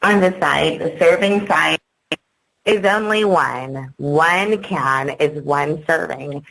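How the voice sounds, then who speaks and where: Blunt, mocking woman with gravelly fry. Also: low voice, slow, a bit bright, dry recording, rough recording. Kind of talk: casual couple banter.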